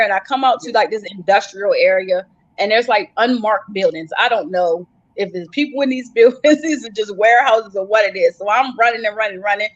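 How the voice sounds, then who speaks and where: Speaking fairly quickly in a mid-range voice, this survivor appears as a guest on a live panel. She tells her story vividly and reenacts her own calls for help, captured in dull, lo-fi livestream sound.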